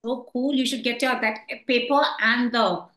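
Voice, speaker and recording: Brief: woman host, high-ish voice, supportive short reactions, roomy sound. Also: fairly even intonation, normal speed, fairly bright tone. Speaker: interviewer. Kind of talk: casual interview. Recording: roomy echo.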